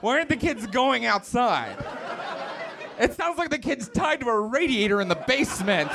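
A young man from West Virginia doing a stand-up comedy set on a club stage, animated and self-mocking, slipping into exaggerated voices. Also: very high-pitched, moderate pace, gravelly, noisy background.

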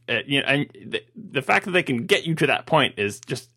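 A man co-hosting a casual podcast about films, animated and acting out characters' lines as he talks. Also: a little high, brisk, hardly any pauses. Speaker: podcast co-host. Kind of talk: casual film discussion.

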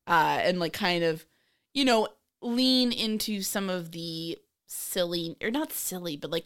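Animated, rambling woman podcast host. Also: fairly low pitch. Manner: animated, rambling, swears and laughs often. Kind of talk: casual chat.

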